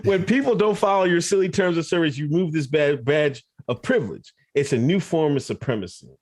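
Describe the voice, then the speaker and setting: A man's voice: fairly high pitch, expressive, fairly quick. A man co-hosting a podcast, teasing in comedic casual chat and laughing often. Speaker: podcast co-host.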